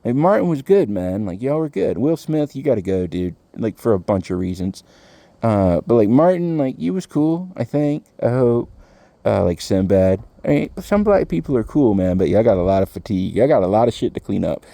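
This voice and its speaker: A man's voice: lowish voice, sing-song, moderate pace, gravelly, dark tone, dry recording. A young man ranting casually in a rambling, profane way, laughing now and then. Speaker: commentator.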